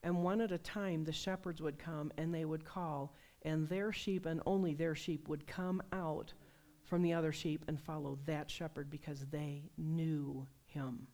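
A woman preaching a sermon, telling personal stories in a conversational, animated way. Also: low-pitched, unhurried, few pauses. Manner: conversational, animated storytelling with laughs.

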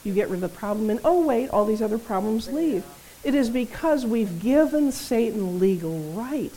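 A woman preaching a sermon in a conversational, animated way, often checking in with her listeners. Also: fairly high pitch, moderate pace, poor audio. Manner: conversational, animated, tag questions.

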